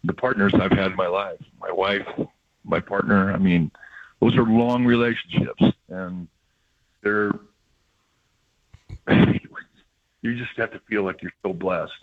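An older male baseball broadcaster chatting on the radio, reflective and rambling, with a husky voice. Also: sits low, fairly even intonation, slow pace, pauses often, no room sound. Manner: reflective, rambling storyteller with laughs. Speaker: baseball broadcaster, regular guest. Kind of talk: emotional casual radio chat. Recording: dull lo-fi radio audio.

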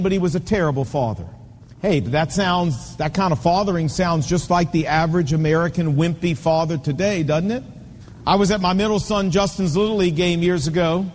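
Male preacher, 50s, high-pitched and emphatic, storytelling sermon style, recorded with long hall reverb. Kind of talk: sermon to men on fatherhood.

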